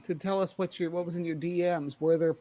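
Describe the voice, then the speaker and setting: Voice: medium pitch, steady tone, a little fast, dark tone. Giggly teasing stream host. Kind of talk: casual live-stream chat.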